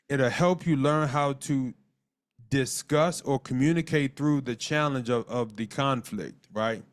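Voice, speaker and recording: A man leads a marriage class over a live call, his voice at an ordinary middle pitch. He speaks earnestly, circles back over his own words, and slows down to dictate points and spell them out letter by letter. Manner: earnest, repeats words, dictates lists slowly and spells terms out. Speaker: marriage church teacher. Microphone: call audio.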